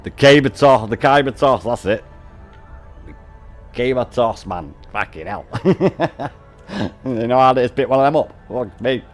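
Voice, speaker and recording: Sweary northern streamer. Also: male voice, mid-range voice, expressive, a little slow, long pauses, faint music behind. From North West England. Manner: swears constantly, laughs often, banters with chat. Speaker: game streamer. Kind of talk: casual stream chat.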